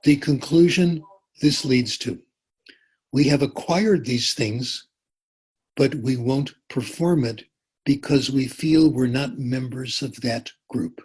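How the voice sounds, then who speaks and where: Older male lecturer, voice extremely husky, mid pitch, unhurried, emphatic repetition, wry. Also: darkish tone, low-quality recording. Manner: deliberate, repeats phrases for emphasis, dry humor. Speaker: language education lecturer. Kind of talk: informal lecture.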